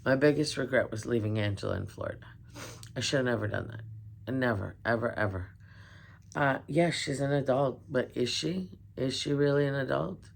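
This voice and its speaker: A woman vlogger talking warmly and emotionally to her viewers, near tears. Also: very deep voice, a little fast, creaky. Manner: emotional, tender, talks straight to viewers. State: tearing up. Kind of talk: heartfelt holiday vlog.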